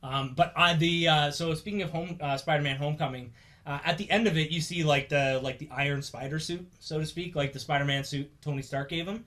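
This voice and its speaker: Young male host, slightly high voice, loose rambling chatter with fillers. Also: steady tone, fairly quick, a bit bright. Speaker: podcast host. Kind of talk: casual chat.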